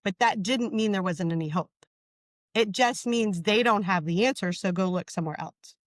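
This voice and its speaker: A woman's voice: medium pitch, moderate pace, no echo. A woman speaking as an interview guest, telling her story in an earnest, emphatic way and often checking in with "right?".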